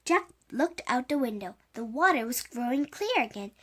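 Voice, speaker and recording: A woman reading a children's chapter book aloud, halting now and then with slips and restarts. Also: high-pitched, very animated, fairly bright tone. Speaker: reader.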